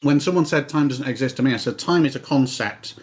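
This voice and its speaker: A man explaining his ideas in a casual online debate, often pausing to search for words. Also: medium pitch. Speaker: discussion participant.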